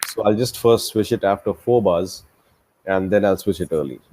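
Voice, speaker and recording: Deep-voiced man teaching guitar. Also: normal speed, warm tone, slight background noise. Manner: patient, explains step by step, counts beats aloud. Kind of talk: one-to-one music lesson. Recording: guitar playing throughout. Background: acoustic guitar playing.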